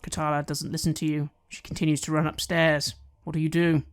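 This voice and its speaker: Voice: medium pitch, little pitch movement. A game master narrating scenes and asking players what they do. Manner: descriptive, measured narration.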